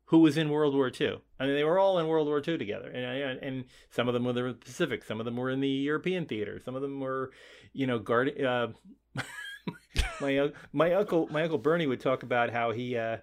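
Young guy cohosting a podcast, stumbly and reassuring, mid pitch, telling stories. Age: 20s. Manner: reassuring, halting, storytelling. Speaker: podcast co-host. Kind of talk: casual chat.

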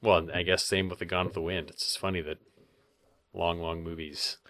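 A man co-hosting a podcast, chatting casually about old films and tossing in quick asides. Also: deep voice, flat delivery, fairly bright tone, no echo. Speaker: podcast co-host. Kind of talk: casual film discussion.

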